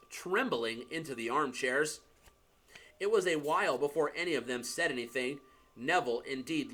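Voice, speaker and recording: A man narrating an audiobook in an expressive, dramatic storytelling manner. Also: fairly high pitch. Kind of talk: audiobook reading.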